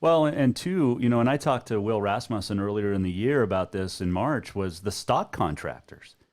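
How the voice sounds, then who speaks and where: A man's voice: fairly low pitch, animated, normal speed, a little mellow. Easygoing male talk show host. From Montana.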